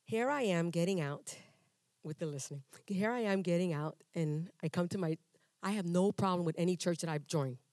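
A woman's voice: fairly low pitch, normal speed, no room sound, clean studio sound. A woman giving a personal testimony to a church congregation, storytelling with humor and acting out her conversations. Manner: animated storyteller, acts out dialogues with humor; conversational with frequent restarts. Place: church hall before a congregation.

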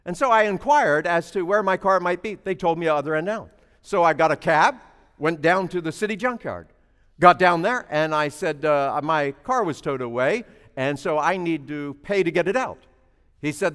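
High-voiced preacher in a reverberant hall. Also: male voice, expressive, normal speed, clear, resonant tone. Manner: storytelling, then builds to loud emphatic preaching. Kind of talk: sermon with personal story.

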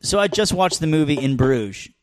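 A man's voice: fairly high pitch, lively intonation, moderate pace, noisy background. A man in casual podcast chat, telling stories animatedly, swearing freely and acting out the scenes.

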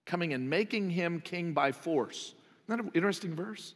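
A man's voice: fairly high pitch, lively intonation, normal speed, a bit bright. A man preaching a sermon as pastor, conversational, full of rhetorical questions and acted-out voices. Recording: long hall reverb.

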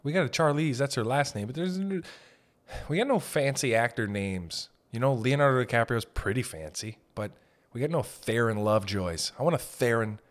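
A man's voice: mid-range voice, lively intonation, normal speed. A young man talking on a podcast in a rambling, self-deprecating comedic monologue, swearing casually. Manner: meandering, self-deprecating, swears casually, breaks into loud mock shouts. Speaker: podcast host.

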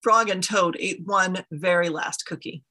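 A woman who leads an ethical society, reading a children's story aloud in a gentle storytelling manner. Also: on the low side, a little slow. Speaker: interim leader of an ethical society.

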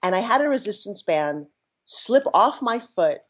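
A middle-aged woman, an entrepreneur and TV pitchwoman, telling her story with high energy and enthusiasm in a podcast interview. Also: a little slow. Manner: energetic, enthusiastic, jumps into quoted voices.

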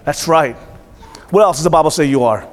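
Man, pastor, thirties, slightly high voice, interactive sermon, asks the congregation questions, long hall reverb. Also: fairly quick. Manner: calls for answers from the room, repeats them back with emphasis.

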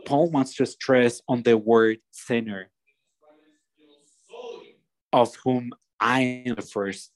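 A man preaching a sermon, slow and deliberate, often restarting his phrases as he explains a passage. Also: mid-range voice, dry recording, poor audio.

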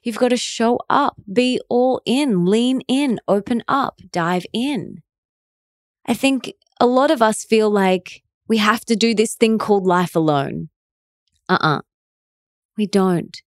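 A woman's voice: a little high, takes it slowly, no echo. Woman, thirties, motivational podcast host, heartfelt and encouraging, dry close-miked sound. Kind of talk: motivational monologue.

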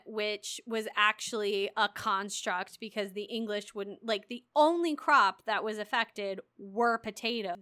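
Young adult woman, high pitched, animated and profane book-chat co-host. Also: smooth. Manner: animated, profane, laughing recaps. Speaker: podcast co-host. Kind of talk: casual book discussion.

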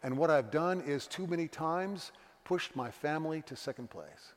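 A middle-aged pastor preaching a sermon, earnest and confessional, telling stories with voiced quotes. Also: male voice, on the high side, lively intonation, moderate pace. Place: church sanctuary. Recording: long church reverb.

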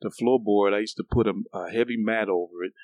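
A middle-aged man from Ohio telling stories in a casual interview, often jumping into high voices for the people he quotes. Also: a little fast, darkish tone, no echo, low-quality recording. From Cleveland, Ohio. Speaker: guest.

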